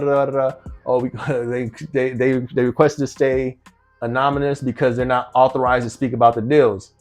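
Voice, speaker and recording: Brief: man from New Jersey, mid-pitched, casual vlog commentary with faint music under it, laughs between lines. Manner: conversational, laughs often, rhetorical questions. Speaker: vlogger. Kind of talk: casual commentary reading an article.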